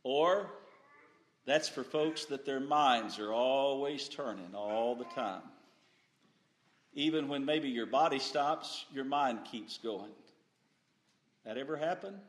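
A man preaching a sermon, rising to loud emphatic peaks and dropping to quiet asides, often stammering and restarting. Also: mid-range voice, expressive, slow pace, pauses often. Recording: echoey room.

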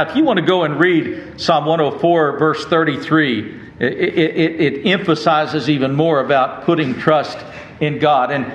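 A man preaching a sermon, reading verses slowly and with emphasis. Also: a little high, fairly bright tone, echoey room, slight background noise, low-quality recording. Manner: slow, emphatic preaching with drawn-out quoted verses.

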